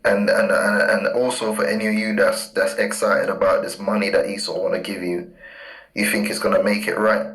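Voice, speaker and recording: A man's voice: on the low side, little pitch movement, fairly bright tone. Fiery preaching man, roomy echo. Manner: emphatic, repeats key words, reads verses slowly. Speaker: street preacher. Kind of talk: fiery scripture teaching.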